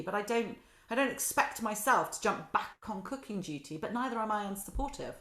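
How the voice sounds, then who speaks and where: A woman's voice: a little high, fairly quick, few pauses, fairly bright tone. A middle-aged woman, a guest talking reflectively and with animation, often acting out quotes and laughing at herself. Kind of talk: reflective conversational chat. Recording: roomy echo.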